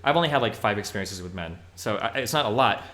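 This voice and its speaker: A man's voice: lowish voice, animated, fast, bright, forceful tone. A male streamer giving casual livestream commentary, talking bluntly and profanely in a rambling way with many fillers.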